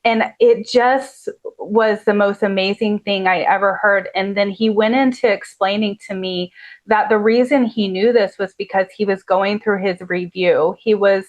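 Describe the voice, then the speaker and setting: A woman's voice: medium pitch, steady tone, measured pace. A woman who is a podcast guest, telling a personal story in an earnest, heartfelt way with many "like" fillers.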